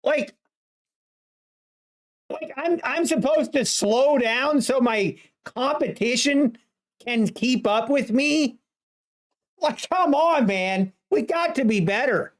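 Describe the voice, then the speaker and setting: A woman's voice: high-pitched, slow pace, pauses often. A woman streamer chatting casually to her viewers, ranting in mock exasperation. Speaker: livestreamer. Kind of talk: casual livestream chat.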